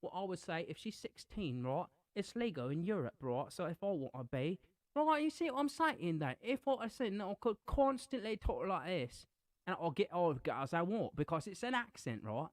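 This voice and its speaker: A man's voice: high voice, big pitch swings, normal speed, dry recording. A man putting on a British accent to play a swaggering, cocky young lad who boasts and teases. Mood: boastful. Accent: put-on British. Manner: boastful, teasing.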